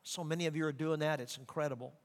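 A middle-aged man preaching a sermon as pastor, animated, acting out quoted voices. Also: on the high side, quick pace. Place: large church sanctuary. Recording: long reverb of a large hall.

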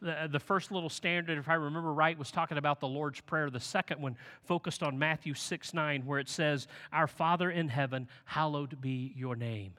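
A male pastor delivering a sermon in a bright, forceful voice that sits a little high for a man. His delivery swings from hushed reflection to loud, animated storytelling. The sound carries a long reverb, as if filling a large hall. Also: normal speed, few pauses.

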